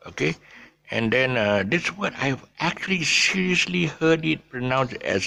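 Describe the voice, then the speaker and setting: Man, middle-aged, Malaysian English accent, lively swooping intonation, chatty pronunciation teacher. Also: medium pitch, moderate pace, gravelly. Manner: chatty, repeats words, chuckles between examples. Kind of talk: casual spoken lesson.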